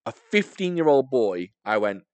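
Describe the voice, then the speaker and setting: A man's voice: mid-range voice, big pitch swings, moderate pace, dry recording. A young man co-hosting a podcast, telling a story in a casual, self-mocking way, laughing often and swearing freely. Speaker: podcast co-host.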